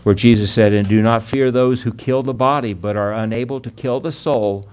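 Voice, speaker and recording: Earnest male preacher with swelling emphasis. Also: medium pitch. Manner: earnest preaching, drops loud then soft for emphasis, slows on scripture; addresses the congregation as "my friends" and "beloved". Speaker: pastor. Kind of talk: sermon.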